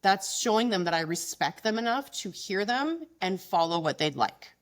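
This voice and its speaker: A middle-aged woman talking bluntly and emphatically in a casual interview, quick and frank, slipping into mocking quoted voices. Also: medium pitch, animated. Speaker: guest, business founder.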